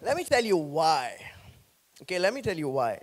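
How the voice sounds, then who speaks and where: A man pastor preaching an animated sermon, joking with the congregation. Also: on the high side, normal speed.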